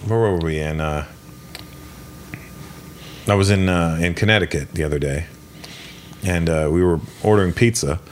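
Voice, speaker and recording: Man, low voice, casual chat, blunt and profane, faint background hum. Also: moderate pace, pauses often.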